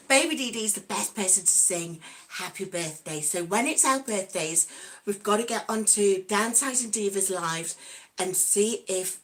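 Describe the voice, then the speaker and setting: A woman's voice: mid-range voice, expressive, a little slow, fairly bright tone. A woman in her sixties hosting a casual live stream, chatty and cheerful, giggling often and greeting viewers by name. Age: 60s. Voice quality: giggly, breaks into snatches of song.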